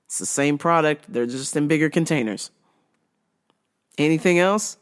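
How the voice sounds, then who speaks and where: A woman's voice: low-pitched, brisk. A woman telling blunt, profane work stories on her show, laughing often. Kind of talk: casual storytelling rant.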